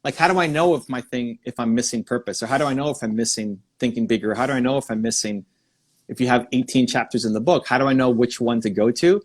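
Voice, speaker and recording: A man hosting a live stream, giving energetic advice and thinking out loud in quick bursts. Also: medium pitch. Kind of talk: excited live-stream coaching chat.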